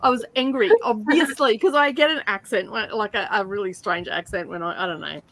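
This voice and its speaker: A middle-aged Australian woman hosting a reading stream, telling animated stories in casual chat and often breaking into laughter. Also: mid-range voice, a little fast, dry recording.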